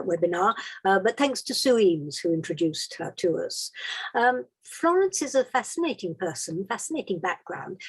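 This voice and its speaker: A woman's voice: fairly low pitch, darkish tone, breathy edge, low-quality recording. A woman hosting a webinar, introducing the guest speaker with frequent ums. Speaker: host.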